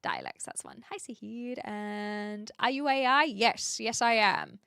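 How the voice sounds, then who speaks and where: A woman hosting a livestream from home, talking to her viewers in a loose, rambling way with fillers and laughs. Her voice is bright and crisp, and the sound is close and dry. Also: fairly high pitch, a little slow, no echo. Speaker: livestream host. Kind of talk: casual chat with viewers.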